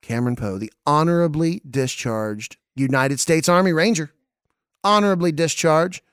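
A man hosting a casual movie podcast, excitable, laughing often and stumbling over repeated words. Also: fairly high pitch, normal speed, clear, resonant tone, dry recording, clean studio sound. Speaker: podcast host.

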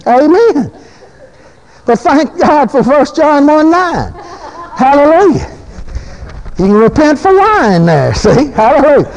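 A man's voice: extremely high pitch, low-quality recording. A preacher man, delivering a fervent, folksy sermon full of repeated phrases.

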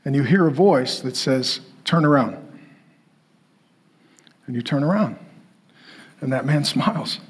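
A male pastor preaching a sermon in an emphatic way, repeating phrases and pausing for effect. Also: mid-range voice, expressive, breathy edge. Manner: emphatic, repetitive, with dramatic pauses.

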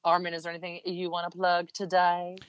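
A man's voice: sits high, completely flat delivery, fairly quick, a bit bright, clean tone, dry recording, dull audio. A man co-hosting a podcast in casual chat, chatty and rambling, gushing and laughing often. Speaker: podcast co-host.

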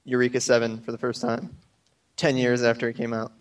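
A man's voice: mid-range voice, monotone, a little fast, distant mic. Rambling young man, a bit off mic. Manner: hesitant, rambling with fillers and laughs. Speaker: anime podcast co-host. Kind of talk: casual group chat.

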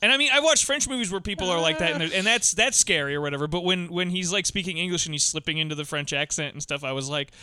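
Bright, clear-voiced man giving opinions. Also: a little high, animated, fast, hardly any pauses, no room sound. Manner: opinionated, conversational, swears casually. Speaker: podcast co-host. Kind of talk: casual movie chat.

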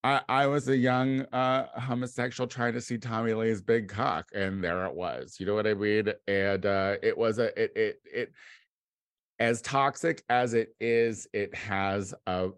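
An American podcast host delivers a casual comedic monologue, rambling and swearing with sudden loud outbursts. His voice sits on the low side and his pace is measured, captured in a dry recording.

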